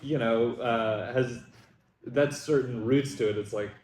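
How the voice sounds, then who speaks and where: A young man telling stories at a brunch table, full of fillers and restarts, lively when he retells scenes. His voice sits in an ordinary middle pitch, and the room gives it a roomy echo. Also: measured pace, a little hiss or hum. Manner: rambling, lots of fillers, animated retelling. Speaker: comedian guest. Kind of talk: casual brunch chat. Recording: echoey room.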